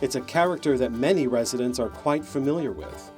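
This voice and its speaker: Measured male documentary narrator. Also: medium pitch, darkish tone, soft background music. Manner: measured, explanatory.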